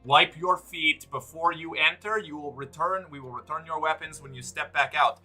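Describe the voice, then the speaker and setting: A man voicing a gruff former raider who guards a shop door, with a put-on vaguely Slavic accent and slow, formal threats. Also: on the high side, fairly even intonation, bright, forceful tone, faint music behind. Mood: stern.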